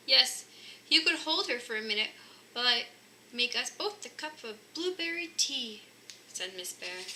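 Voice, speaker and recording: She reads the children's picture book aloud in a mid-range voice, keeping it lively and lifting her pitch for the bear cubs' parts. Slight background noise is audible.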